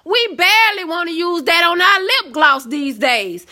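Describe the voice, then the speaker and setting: Young woman streamer, animated and sassy, high voice swinging widely in pitch. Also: measured pace, hardly any pauses. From Southern United States. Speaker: live-stream host. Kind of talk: casual live-stream chat.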